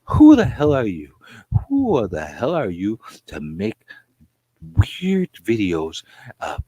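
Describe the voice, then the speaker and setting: A man on a live stream doing a mock-seductive, hushed, calm voice in a low, breathy half-whisper. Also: dry recording, exaggerated voice. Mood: sultry. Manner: slow, soft, teasingly sultry. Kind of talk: live-stream comic put-on voice.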